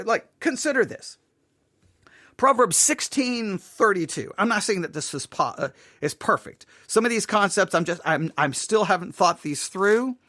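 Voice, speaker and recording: A man's voice: high-pitched, fairly bright tone, dry recording, clean studio sound. A man giving informal Bible teaching in an earnest, emphatic way, often repeating and restarting phrases.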